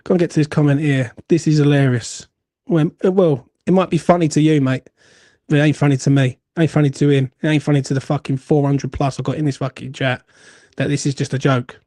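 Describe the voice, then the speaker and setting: A man's voice: fairly high pitch, fairly even intonation, fairly quick, dark tone, no echo, clean studio sound. A man hosting a football fan show, blunt and swearing as he rants. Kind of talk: heated fan call-in chat.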